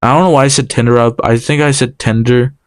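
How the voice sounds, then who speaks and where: Young man telling a story, smooth voice. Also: medium pitch, dry recording. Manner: animated, quoting others in quick exchanges. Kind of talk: casual personal storytelling.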